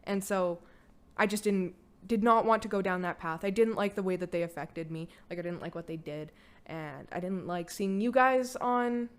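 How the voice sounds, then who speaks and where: A young woman talking through her own past in a relaxed podcast chat. Her voice is smooth and clear at a middle pitch. She speaks casually and bluntly, with plenty of "like" fillers and the odd curse word. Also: moderate pace, hardly any pauses. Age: young adult. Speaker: podcast guest, host's daughter. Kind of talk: candid personal storytelling.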